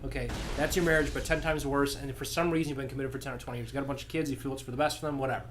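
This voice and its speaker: A man's voice: mid-range voice, fairly even intonation, rapid-fire, a little hiss or hum. A young man cohosting a comedy podcast, joking and teasing his co-host with a lot of laughter. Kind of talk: comedic banter.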